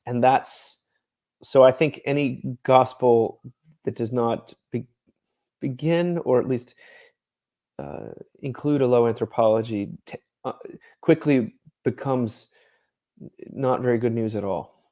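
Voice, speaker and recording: A man's voice: mid-range voice, slow, pauses often, dark tone. A thoughtful author explaining his ideas. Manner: thoughtful, explanatory, laughs lightly mid-thought. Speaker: author and ministry director, guest. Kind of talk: conversational interview.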